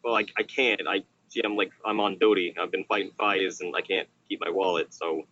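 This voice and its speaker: A man's voice: sits low, fairly even intonation, fairly quick, bright, forceful tone. A man doing a frazzled, stammering firefighter. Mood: pleading. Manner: stammers, flustered. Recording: dull lo-fi sound.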